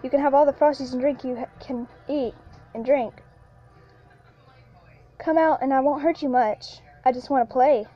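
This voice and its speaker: A woman voicing a menacing monstrous little girl in a soft, girlish, coaxing tone. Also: high voice, steady tone, normal speed, long pauses, lo-fi sound. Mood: luring.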